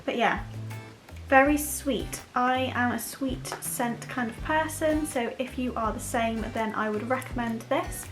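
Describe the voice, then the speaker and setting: Young girl rambling to camera at home, bit high-pitched, soft music underneath. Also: measured pace. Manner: chatty, rambling, self-deprecating asides. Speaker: beauty vlogger. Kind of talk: casual chat to camera.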